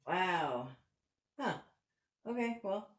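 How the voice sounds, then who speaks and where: A woman with a notably low voice talks through a thrift haul and try-on as a vlogger. She is chatty and enthusiastic and laughs often. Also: expressive, very slow.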